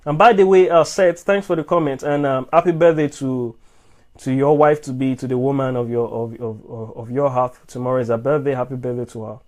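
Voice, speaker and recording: A man's voice: medium pitch, steady tone, fairly quick. A man preaching about love and manhood to an online audience, asking emphatic rhetorical questions and often restarting and repeating his words. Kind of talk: live-streamed sermon answering comments.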